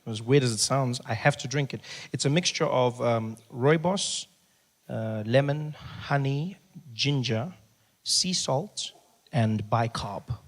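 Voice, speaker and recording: A man with a South African accent doing animated stand-up storytelling and chatting with the audience. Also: mid-range voice, slow pace. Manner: animated, conversational, teasing the audience. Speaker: stand-up comedian. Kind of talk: stand-up storytelling and crowd work.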